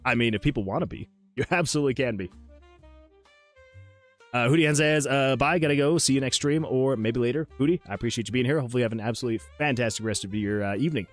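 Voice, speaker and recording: A man's voice: medium pitch, fast, soft background music. A man streaming his game development, chatting in a casual, rambling way and poking fun at himself. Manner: rambling, chatty, with self-deprecating asides. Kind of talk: casual livestream chat.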